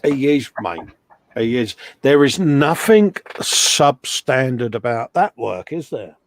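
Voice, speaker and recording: A man's voice: medium pitch, lively intonation, takes it slowly, dry recording. A middle-aged man hosting a casual live stream, chatting, reading viewer comments aloud and slipping in puns.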